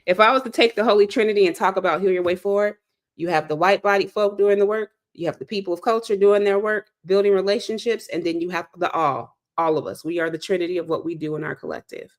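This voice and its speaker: Talking fast in a medium-pitched voice, a South Side of Chicago woman serves as host and speaker, driving an intense monologue with emphatic, preacherly delivery and repeated key phrases.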